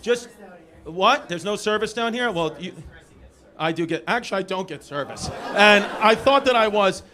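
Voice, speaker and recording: A man with a New York accent doing stand-up crowd work in a comedy club, teasing people in the front row with loose, quick jabs. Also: high voice, expressive. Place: comedy club stage with a live audience. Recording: loud laughing crowd in a club.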